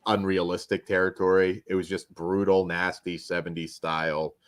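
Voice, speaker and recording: A man's voice: deep voice, flat delivery, moderate pace. A man hosting a casual horror film review podcast, rambling with frequent restarts. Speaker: podcast host.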